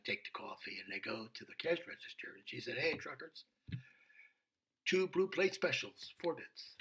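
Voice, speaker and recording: An older man, a priest, retelling a story in a video reflection, animated and dropping to a hushed whisper for emphasis. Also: lowish voice, slight background noise. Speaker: Episcopal priest.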